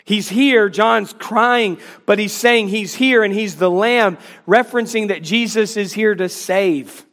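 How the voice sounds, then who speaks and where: Guy preaching a sermon, pretty high voice, emphatic and fired up. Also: measured pace, fairly bright tone, long reverb tail. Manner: emphatic, acts out scripture dialogue. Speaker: pastor.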